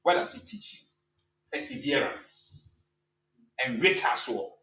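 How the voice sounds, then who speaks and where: Animated Ghanaian man preaching in an echoey hall. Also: mid-range voice, measured pace. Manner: animated storytelling with sound effects, mixing in English phrases. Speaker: church elder preaching. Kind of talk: sermon. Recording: echoey, distant, dull with faint hum.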